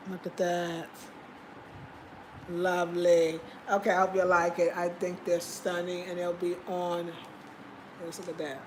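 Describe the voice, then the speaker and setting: A woman hosting a casual vlog, talking in an expressive, emphatic way and laughing often. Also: on the low side, noisy background. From United States. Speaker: vlog host.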